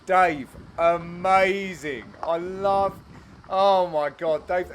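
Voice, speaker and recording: A man giving a cheeky, jokey, self-mocking voice-over commentary on amateur match footage, with bursts of excitement. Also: high-pitched, slow. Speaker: channel host and commentator.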